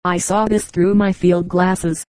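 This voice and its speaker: Flat, even audiobook reader. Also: medium pitch, measured pace, dry recording, poor audio. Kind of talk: audiobook narration of a travel memoir.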